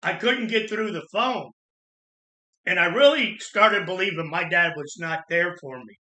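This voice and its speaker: A man from Florida telling his own life story in a halting, earnest way, with pauses and restarts. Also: high voice, bright, forceful tone. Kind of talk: personal storytelling monologue. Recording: echoey room.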